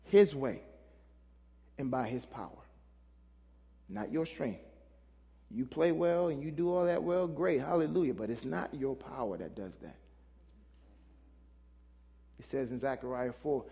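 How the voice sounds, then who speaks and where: A man's voice: mid-range voice, expressive, a little slow, gravelly, pauses often, warm tone. A male pastor preaching a sermon in a loose, conversational way, often calling out questions to the congregation. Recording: long hall reverb.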